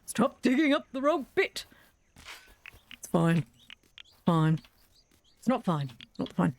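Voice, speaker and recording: A woman's voice: mid-range voice, very animated, takes it slowly, darkish tone. A woman chatting through a game, wry and self-mocking, talking fondly to her in-game animals. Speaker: gaming video creator. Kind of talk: casual let's-play commentary.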